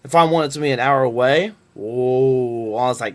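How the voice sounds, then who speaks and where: A man's voice: mid-range voice, normal speed. Young guy from Northern Kentucky, casual webcam storyteller, loose and rambling. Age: young adult. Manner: rambling, filler-heavy, laid-back. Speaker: vlogger.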